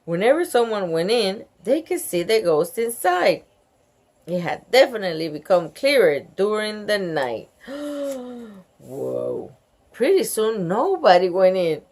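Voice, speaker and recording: Animated woman reading a kids' book. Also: mid-range voice, moderate pace. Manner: animated, gasping and laughing asides. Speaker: storybook reader. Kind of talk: reading a children's book aloud with reactions.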